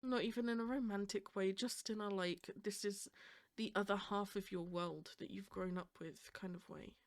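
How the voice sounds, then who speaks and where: A woman's voice: medium pitch, steady tone, moderate pace. A woman hosting a reaction video, talking casually and rambling as she fights back emotion, often laughing nervously.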